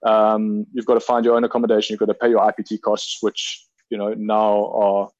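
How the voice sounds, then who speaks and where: A man in his thirties from South Africa, a hockey player being interviewed, talking in a measured, reflective way with many ums and restarts. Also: lowish voice, monotone, darkish tone, no room sound, lo-fi sound. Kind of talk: casual interview conversation.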